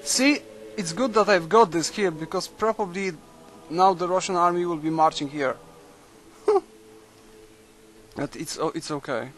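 A young man quietly musing aloud while playing a strategy game, halting and thinking out loud. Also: high voice, a little hiss or hum, low-quality recording. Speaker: video game commentator. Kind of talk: late-night let's play commentary.

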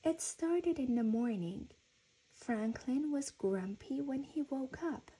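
Slow, husky woman reading a storybook. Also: high-pitched, low-quality recording. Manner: gentle, even storytelling. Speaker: reader.

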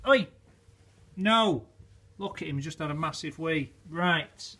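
A man's voice: on the high side, lively intonation, measured pace, bright, forceful tone. A man filming a casual home vlog, talking fondly to his new puppies in doting baby talk and chuckling often. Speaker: vlogger. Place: at home indoors.

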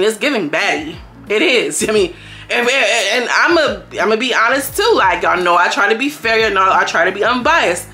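With a medium-pitched voice, a young female reality TV reviewer gives an animated, slang-filled casual recap of a show. She frequently imitates the people she quotes.

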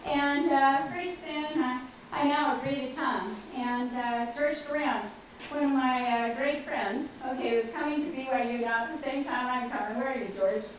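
A woman's voice: high-pitched, steady tone, moderate pace. An older woman, a professor, telling anecdotes in a chatty lecture full of "okay" and "uh" fillers. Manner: chatty, frequent "okay" and "uh" fillers, laughs at herself. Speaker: professor giving a faculty talk. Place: large lecture hall with audience. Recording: very echoey hall, distant, faint hiss.

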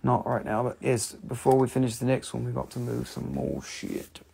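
A man's voice: medium pitch, very animated, normal speed, creaky, warm tone, breathy edge. A man hosting a live stream, selling crystals in casual, joking sales patter full of swearing. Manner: chatty, profane and joking.

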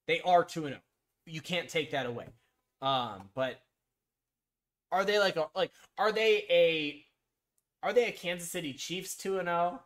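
A man's voice: on the high side, fairly bright tone. Guy rambling on his live stream, blunt picks, lots of ums. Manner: rambling, talks to chat viewers, frequent ums and restarts; blunt, mildly profane opinions. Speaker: streamer making sports picks. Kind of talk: casual live-stream chat.

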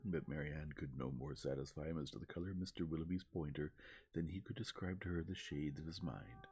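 A man with a very deep, gravelly voice reads a classic novel in a soft-spoken ASMR style. His tone is dark and husky, yet lively in pitch, and he keeps a slow, soothing, measured flow. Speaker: narrator.

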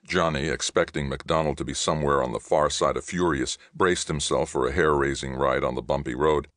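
A man reading a novel aloud as a steady audiobook narrator. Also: a bass voice, a little fast, no room sound, studio quality. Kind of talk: scripted narration.

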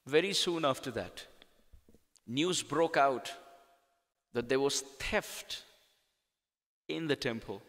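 A man's voice: mid-range voice, a bit bright. A man giving a sermon, telling a devotional story in a dramatic style with acted quotes. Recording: long hall reverb.

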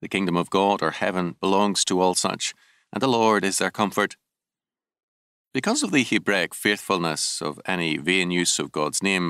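A man narrating an audiobook of a theological text in a measured, deliberate reading, lifting key words for emphasis. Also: low-pitched, fairly bright tone, smooth, no echo, clean studio sound.

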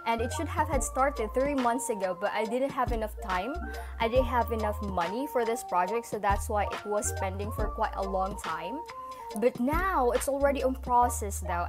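A woman with a Filipino accent and a lisp, chatting casually to camera through an earphone mic, giggly and apologetic. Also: on the high side. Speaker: vlogger. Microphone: earphone with built-in mic. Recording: music playing underneath.

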